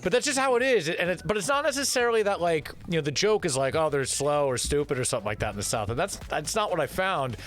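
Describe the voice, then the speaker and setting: A man's voice: on the high side, quick pace, few pauses. A young man from New Jersey hosting a podcast, chatting casually and rambling with many restarts. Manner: animated, rambling, restarts sentences. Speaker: podcast host. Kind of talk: casual chat.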